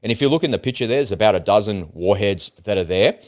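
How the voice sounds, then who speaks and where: A man's voice: on the low side, animated, fast talker. A man co-hosting a casual livestream, talking bluntly and animatedly, with frequent swearing. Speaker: co-host.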